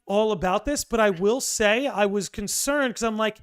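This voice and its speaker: This is a male podcast host with a notably high, smooth and resonant voice. He talks with eager enthusiasm, piling up thoughts before handing the floor to his guest with an open question. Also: normal speed, hardly any pauses. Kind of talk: casual podcast conversation.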